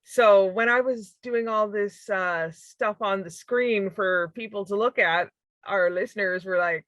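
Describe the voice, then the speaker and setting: A woman's voice: mid-range voice, unhurried, no echo. A woman co-hosting a podcast, chatting casually with playful humor and frequent laughter. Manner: playful, laughs often, animated. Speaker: podcast co-host. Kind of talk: casual chat.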